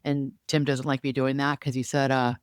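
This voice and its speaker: A middle-aged woman co-hosting a podcast and coaching, talking in an animated, reflective way with many asides. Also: a bass voice, moderate pace, clear, resonant tone, no echo, clean studio sound. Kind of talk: casual podcast chat. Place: home podcasting room.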